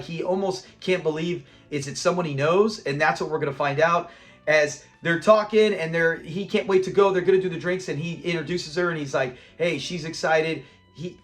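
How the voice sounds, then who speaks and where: A chatty man hosting a relaxed episode review, retelling scenes with lots of animation and frequent laughter. His voice sits high for a man, and faint music plays behind him. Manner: animated retelling, laughs often and quotes characters. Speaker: host reviewing a sitcom episode.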